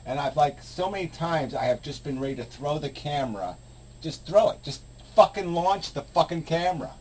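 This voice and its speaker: A man's voice: on the high side, lively intonation, normal speed, a little mellow, slight background noise, poor audio. A man hosting a casual group chat, crude and mocking, swearing often. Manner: crude, mocking, does sneering impressions. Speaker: host of a chat room.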